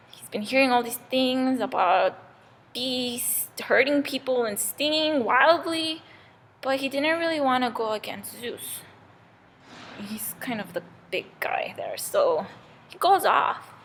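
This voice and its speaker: A woman's voice: on the high side, expressive, a little slow, fairly bright tone, a little hiss or hum. A young woman casually retelling a fable aloud as a student storyteller, with many fillers. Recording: long reverb in a hall.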